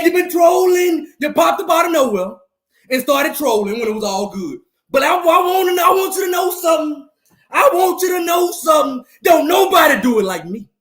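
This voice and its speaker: Loud and gloating, a high-voiced, lively man trash-talks a rival team's defeat during a sports live stream. His jabs come around repeatedly, punctuated by whoops and bursts of laughter, all echoing through a roomy space.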